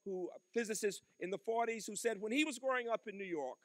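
A man's voice: high-pitched, fast, no room sound. An older man giving a commencement address, emphatic and preacherly, with rhythmic repetition into a podium microphone. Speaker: commencement speaker.

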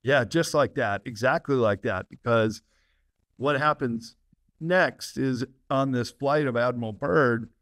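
A man's voice: medium pitch, a little slow, fairly bright tone, no room sound, studio quality. A man as a guest author on an interview podcast, explaining at length with enthusiasm and frequent laughs.

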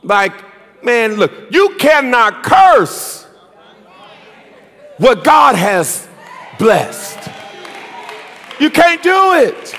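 High-voiced, bright-toned preacher man. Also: big pitch swings, extremely slow, long pauses, a faint crowd. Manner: call-and-response preaching, swelling into shouts. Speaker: pastor. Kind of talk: sermon. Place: church sanctuary. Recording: long reverb of a large church hall.

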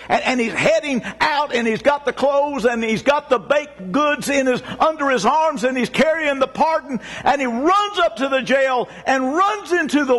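A man's voice: extremely high pitch, fairly bright tone, poor audio. A male pastor preaching an Easter sermon, telling a story with big swings in his voice. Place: church sanctuary.

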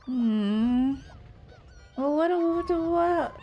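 A woman VTuber streaming a game, reacting in excitable, panicky bursts with repeated shouts and frequent swearing. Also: sits high, drawn-out words, highs cut off, a little hiss or hum. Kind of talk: casual live gameplay commentary.

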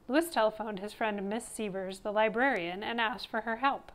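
A woman narrating a children's picture book, reading aloud in an expressive, steady way. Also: on the high side, moderate pace, few pauses. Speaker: storyteller.

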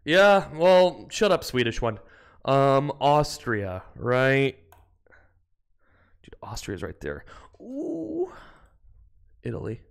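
An American man streaming a geography game, excitable, yelping and swearing, then muttering to himself. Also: mid-range voice, takes it slowly, creaky, pauses often, clear, resonant tone. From United States. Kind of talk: live-stream gameplay commentary.

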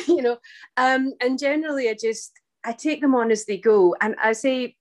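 A woman's voice: a little high, normal speed. A woman voice actress chatting in an interview, rambling and laughing often, poking fun at herself. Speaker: voice actress guest. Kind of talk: casual interview chat.

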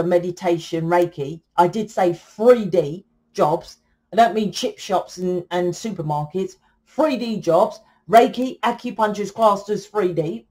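A woman's voice: medium pitch, dark tone. A British woman tarot reader talking to camera in a blunt, ranting, freely swearing monologue.

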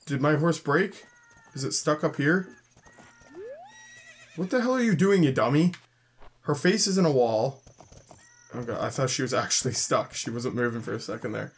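A man's voice: mid-range voice, expressive, moderate pace, pauses often, breathy edge. A young man from Canada, hosting a let's play and chatting casually while he plays, grumbling and joking and reading game text aloud. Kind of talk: casual gameplay commentary.

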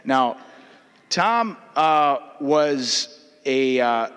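A man's voice: mid-range voice, expressive, fairly bright tone, clean tone. Minnesotan man telling a story in an echoing chamber. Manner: conversational, halting, many uh fillers. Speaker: state legislator. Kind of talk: memorial floor speech, anecdotal storytelling. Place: legislative chamber. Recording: long reverb of a large chamber.

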